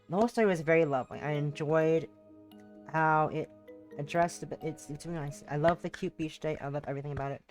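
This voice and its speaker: A woman's voice: low-pitched, a little mellow. A woman streamer gushing about a visual novel she just finished, rambling with lots of restarts. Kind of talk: casual live-stream commentary.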